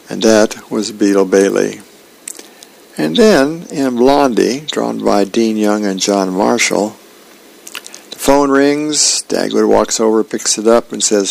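A man reading newspaper comic strips aloud on the radio at a steady pace, acting out the characters. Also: fairly low pitch, unhurried, gravelly, low-quality recording. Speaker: radio reader.

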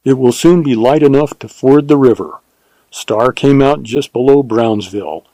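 A man voicing a steady, devoted Texas ranger who speaks slowly and earnestly. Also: medium pitch, dry recording, natural voice, poor audio. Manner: slow, earnest and tender.

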